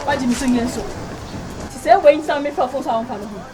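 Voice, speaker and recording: An actress with a Ghanaian accent playing a boisterous woman in loud banter, in a noisy setting. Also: high voice, fairly quick, lightly acted. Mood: rowdy. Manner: loud boisterous banter mixing pidgin and Twi. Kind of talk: comedy drama web series acting. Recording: noisy background.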